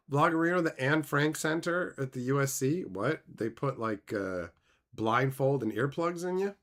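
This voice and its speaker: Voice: mid-range voice, lively intonation, moderate pace. A streamer reacting to chat in casual talk, sarcastic and mocking, swearing often and laughing between remarks. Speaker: streamer reading chat aloud.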